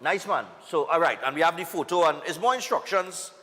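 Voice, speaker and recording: A Trinidadian man reads viewer greetings on a morning show in a high, bright voice. His casual, upbeat delivery is full of local slang. The studio has a long, ringing reverb. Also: a little fast. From Trinidad and Tobago. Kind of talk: live TV greetings segment.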